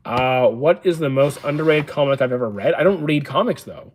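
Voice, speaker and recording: A man in his thirties hosting a livestream, reading out chat questions and answering them in a calm, dry, matter-of-fact way with frequent "uh"s. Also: medium pitch, brisk, hardly any pauses, slight background noise. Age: 30s. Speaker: livestream host.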